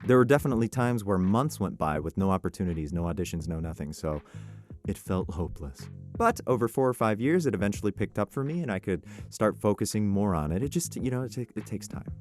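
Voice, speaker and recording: A man with a slightly low voice talks through voiceover career advice in a casual, upbeat vlog. His delivery is encouraging and conversational. Soft music plays faintly behind him. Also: lively intonation, quick pace. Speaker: voice actor giving tips.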